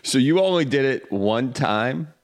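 A man's voice: medium pitch, animated, unhurried. A man hosting a casual interview, asking questions and giving brief encouraging replies. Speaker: interviewer, host.

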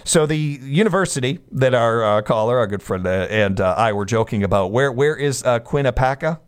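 A man's voice: on the low side, a little fast, smooth. A man, hosting a sports radio show in a chatty, casual way with jokey asides and frequent restarts.

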